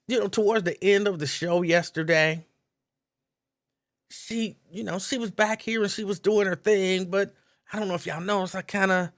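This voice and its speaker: A man's voice: high-pitched, a bit bright. A man hosting a live call-in stream, chatting casually, reading out viewers' names and laughing easily.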